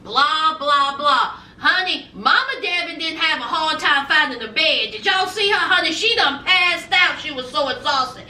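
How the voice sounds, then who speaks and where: Sassy high-voiced woman vlogger. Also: expressive, measured pace, hardly any pauses, sharp tone, far from the mic. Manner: sassy, addresses viewers as honey and y'all. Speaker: reality TV reviewer. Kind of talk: casual vlog review. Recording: roomy echo, a bit off-mic.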